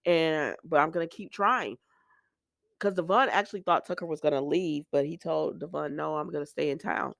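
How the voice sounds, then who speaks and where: A woman's voice: low-pitched, normal speed, gravelly, fairly bright tone, no echo, studio quality. A woman giving a casual, chatty recap, acting out quoted dialogue with her own asides. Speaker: soap opera recap host.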